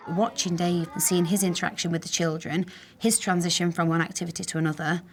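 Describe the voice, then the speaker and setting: A woman's voice: on the low side, flat delivery, fast. A woman with an English accent, a primary school teacher, speaking candidly and reflectively in an interview. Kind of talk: interview talk.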